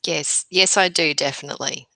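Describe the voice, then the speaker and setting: A woman's voice: low-pitched, normal speed, creaky, sharp tone, dry recording, rough recording. A woman co-hosting a casual live chat over a remote call, agreeable, with short affirming replies. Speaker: co-host of a live morning chat.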